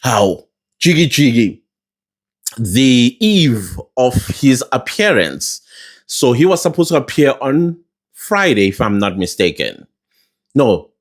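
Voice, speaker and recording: A South African man giving casual commentary to his viewers, animated and laughing often, with big swings in his voice. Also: mid-range voice, slow. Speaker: news commentator.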